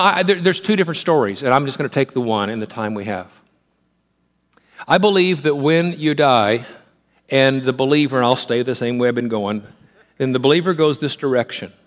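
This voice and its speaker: A man preaching a sermon, emphatic and repetitive, swinging between rising fervor and quiet, hushed moments. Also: medium pitch. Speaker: pastor.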